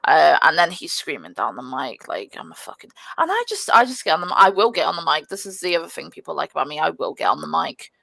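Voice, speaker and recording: A young woman telling a gaming story on a podcast, animated and swearing freely, with lots of fillers. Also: deep voice, fast talker, gravelly, few pauses, dry recording. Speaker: podcast guest, gamer. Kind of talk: casual storytelling.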